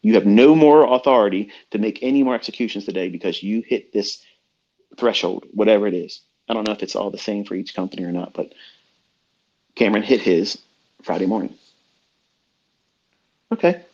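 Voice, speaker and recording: A man's voice: on the low side, a little fast, long pauses, darkish tone, slightly rough. A middle-aged man talking as a trading mentor in a blunt, profane, preachy rant. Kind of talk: unscripted rant. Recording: dull lo-fi audio.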